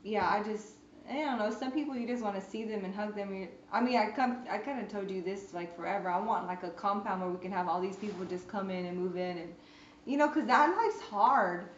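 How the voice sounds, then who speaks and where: A woman's voice: medium pitch, a little fast. A woman tells a testimony to a small group in a chatty way, playing out both sides of her conversations. She is recorded in a roomy space on a dull, muffled recording. Faint noise sits underneath. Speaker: beauty business owner sharing a testimony. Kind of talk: casual testimony in a group discussion.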